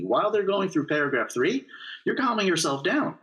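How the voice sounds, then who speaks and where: A middle-aged man who lectures and writes on negotiation answers interview questions in an explanatory way, speaking at normal speed in a slightly high voice. He's animated and acts out snippets of dialogue as examples. The audio quality is poor.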